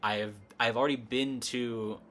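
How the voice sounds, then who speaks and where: A man's voice: mid-range voice, fairly even intonation, moderate pace, a bit bright, a little hiss or hum. A man hosting a casual livestream chat, telling a story in a rambling way, laughing often and using plenty of fillers. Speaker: livestream host.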